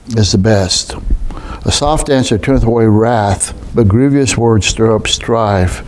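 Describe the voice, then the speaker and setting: Man, middle-aged, sermon, folksy and conversational, slow delivery, rhetorical questions. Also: mid-range voice, a little mellow, slight background noise. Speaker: preacher.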